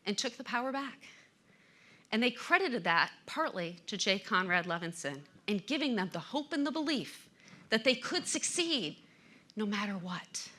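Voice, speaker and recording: A middle-aged woman delivers a motivational stage talk in a bright, clear-edged voice. She tells stories dramatically, building to emphatic swells. Her pitch sits in an ordinary middle range for a woman. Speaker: motivational speaker.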